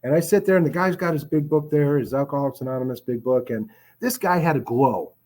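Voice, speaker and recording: A man's voice: fairly high pitch, quick pace, a little mellow. Rambling man telling his recovery story. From Chicago. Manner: rambling, with many restarts and fillers. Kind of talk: casual storytelling.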